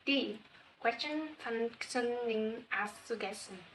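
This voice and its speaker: A woman with a Vietnamese accent reading a class presentation, slowly and carefully going through her points. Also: on the high side, a bit bright. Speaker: student presenter. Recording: distant mic with faint noise.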